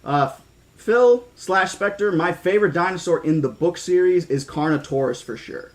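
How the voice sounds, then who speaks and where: A man reading a novel aloud on stream, chatting excitedly with viewers between passages. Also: high voice, moderate pace. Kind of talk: audiobook reading with chat shout-outs.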